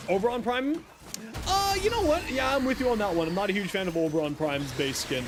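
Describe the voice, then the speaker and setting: A man's voice: sits high, animated, fairly quick. A young man streaming a video game, chatting casually with his viewers, reacting to chat and teasing them. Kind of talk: casual live-stream chat while gaming.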